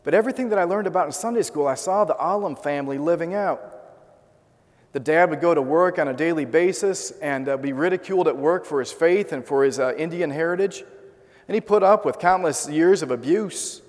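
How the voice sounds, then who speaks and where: Earnest preacher in an echoing hall. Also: male voice, fairly high pitch, brisk, a little mellow. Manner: earnest storytelling with rhetorical questions. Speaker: pastor. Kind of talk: sermon.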